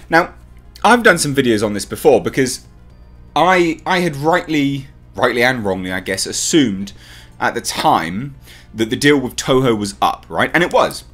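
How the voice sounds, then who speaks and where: A man hosts his own film commentary channel, talking casually to camera. His voice sits at an ordinary middle pitch, and he thinks out loud in a chatty, speculative way. Faint music plays underneath. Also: big pitch swings, moderate pace. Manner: chatty, speculative, talks straight to viewers.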